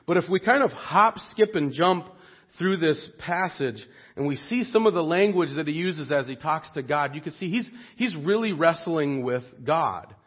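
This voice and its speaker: A man giving a sermon in an earnest, expressive way, dropping soft and low on grave points. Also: moderate pace, slightly rough. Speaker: preacher. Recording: dull lo-fi recording.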